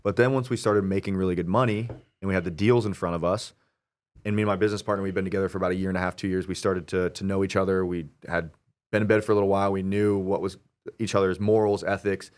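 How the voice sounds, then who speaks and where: A young man talking casually as an interview guest, telling stories animatedly and quoting himself. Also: low voice. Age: young adult. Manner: animated storyteller, quoting himself, quick asides. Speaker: real estate investor guest.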